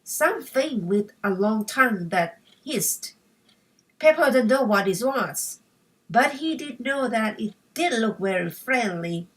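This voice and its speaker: Lady reading a kids story real slow n clear, a bit far off the mic. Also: on the high side, a bit bright. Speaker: storybook reader. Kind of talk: slow read-aloud for English learners.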